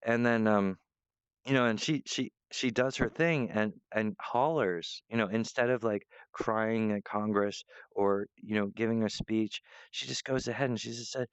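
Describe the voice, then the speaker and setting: A man's voice: on the low side, steady tone, moderate pace, clear, resonant tone, dry recording, lo-fi sound. A man rambling in a monologue to camera, meandering, restarting often and breaking off to apologize. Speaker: vlogger.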